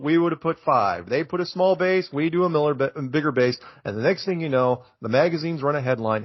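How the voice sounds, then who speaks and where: A man talking as a podcast guest in an animated, emphatic way, getting worked up as he makes his case. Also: on the high side, slightly rough, no room sound. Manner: excitable, emphatic, gets worked up. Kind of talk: animated conversational rant. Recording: dull lo-fi, dry audio.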